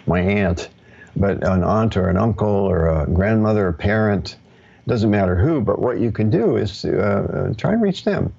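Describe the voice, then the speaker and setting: A man with a very deep, gravelly voice answers questions in a live teaching session, relaxed and reassuring. There is a husky edge to his tone, and the audio is dull and lo-fi. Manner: relaxed, reassuring, with many fillers. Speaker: teacher of ancestral practice.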